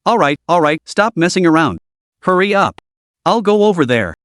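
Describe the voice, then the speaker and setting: A man's voice: high-pitched, sing-song, moderate pace, fairly bright tone, dry recording, studio quality. A man reading the lines of a bossy young woman who hurries and teases her friend.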